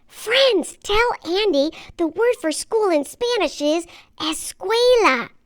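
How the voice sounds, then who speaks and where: A woman's voice: extremely high pitch, lively intonation, slow pace, heavily acted. A woman voicing a cheerful young girl who teaches Spanish words to small children in an encouraging, sing-song way, with children's music behind. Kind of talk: children's bilingual lesson.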